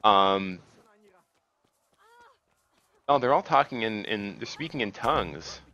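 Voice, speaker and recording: A man giving casual, rambling commentary while playing a game, halting and restarting often and swearing at the game now and then. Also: on the low side, lively intonation, sharp tone, dull audio. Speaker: gaming video host.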